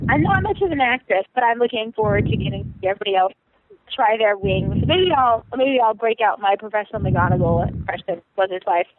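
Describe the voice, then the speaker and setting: A woman co-hosting a podcast in casual chat, animated and laughing, with quick bursts of excitement. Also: mid-range voice. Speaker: podcast co-host. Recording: phone-like line with faint hiss.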